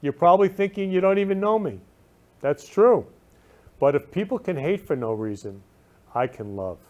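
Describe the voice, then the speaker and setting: A man's voice: high voice, expressive, moderate pace, mellow, lo-fi sound. A man hosting his talk show from his room, speaking effusively and repeating loving phrases with emphatic stress. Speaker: show host. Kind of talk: casual talk show monologue.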